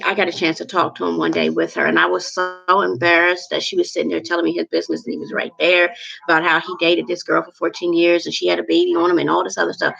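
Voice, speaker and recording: A woman's voice: fairly low pitch, vocal fry, pushed and bright, dull audio. A woman in her forties telling a personal story to camera in a chatty, rambling, emotional way with lots of fillers. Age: 40s. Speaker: vlogger.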